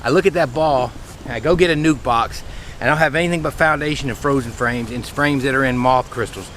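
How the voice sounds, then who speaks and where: A man, a beekeeper telling a rambling, folksy story outdoors in his bee yard, his voice a little squeaky from the dry air. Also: fairly quick, fairly bright tone, slight background noise. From Louisiana, USA. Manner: chatty, folksy, rambling with restarts. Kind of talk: casual vlog storytelling.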